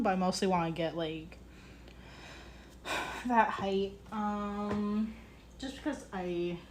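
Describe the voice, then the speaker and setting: Working clay while streaming live from her ceramics studio, a young woman keeps up distracted, casual commentary packed with fillers and corrections of herself. She speaks on the low side, and the audio carries a faint hiss or hum.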